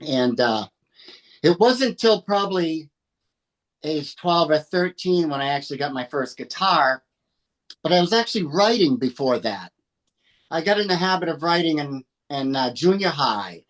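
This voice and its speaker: Unhurried male guest telling stories. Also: a little high, very animated. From New Hampshire. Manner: unhurried, with frequent fillers. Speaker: guest singer-songwriter. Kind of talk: relaxed storytelling.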